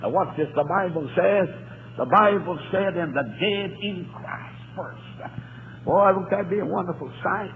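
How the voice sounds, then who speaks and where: Fervent, high-voiced man preaching a revival sermon. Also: normal speed. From North Carolina. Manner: fervent preaching that swings between soft and shouted, with frequent "uh". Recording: tinny lo-fi recording with faint hiss.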